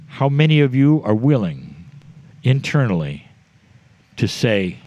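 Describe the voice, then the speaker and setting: A man giving a spiritual talk to a group, slow and deliberate, letting his voice drop low at the ends of phrases. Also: very animated, dark tone, no room sound, muffled recording. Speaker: spiritual speaker.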